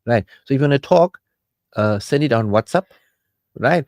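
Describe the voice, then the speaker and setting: A man hosting a radio counselling show, giving marriage advice in an animated, preachy way and acting out quarrelling spouses. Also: medium pitch, normal speed, dry recording, studio quality. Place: radio studio.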